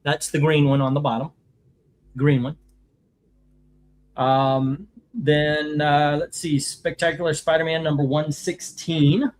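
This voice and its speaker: A man's voice: a little high, darkish tone. A middle-aged man hosting a live comic auction stream, chatting casually in a rambling, jokey way with lots of fillers.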